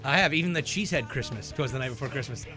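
A man's voice: mid-range voice, animated, very fast, bright, forceful tone, soft background music. A man co-hosting a morning sports radio show, joking around in playful banter. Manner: jokey, playful. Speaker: radio co-host.

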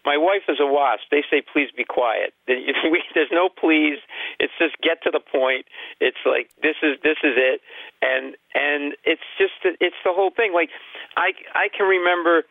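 Animated Italian-American man on a tinny line. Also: unhurried, dry recording. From Italian-American family. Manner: acts out quotes in loud high voices. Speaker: guest telling stories. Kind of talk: animated comic storytelling.

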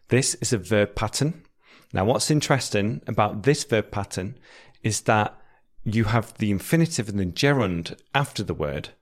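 A British English teacher with a fairly low voice explains vocabulary to learners. He says example sentences slowly and clearly, repeating them.

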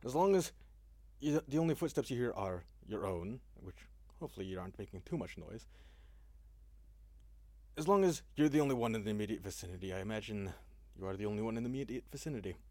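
A man's voice: lowish voice, animated, fast, pauses often, a little mellow, no echo, lightly acted. A man voicing a secretive, sardonic male spymaster who talks in dry, long-winded warnings. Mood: explaining.

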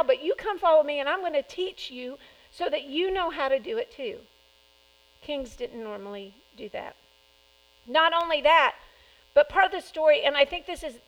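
A woman preaching a sermon in a lively, conversational way, acting out quoted lines. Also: high voice, poor audio.

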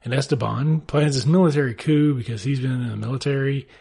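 A man's voice: medium pitch, a little fast, creaky, mellow, slightly rough. A man retelling a novel's plot in a casual, sarcastic and heavily profane way. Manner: sarcastic, swearing, offhand. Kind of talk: casual profane book recap.

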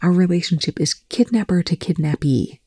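A narrator voicing a sarcastic, grumbling man held captive, who talks low and wry, in an audiobook reading. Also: brisk, mellow, slightly rough, dry recording, clean studio sound. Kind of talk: audiobook reading of fan fiction.

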